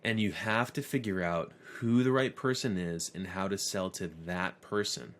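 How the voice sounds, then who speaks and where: A man's voice: low-pitched, normal speed, fairly bright tone. A man teaching an online course lesson, telling stories in a conversational way. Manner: conversational storyteller. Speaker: course instructor.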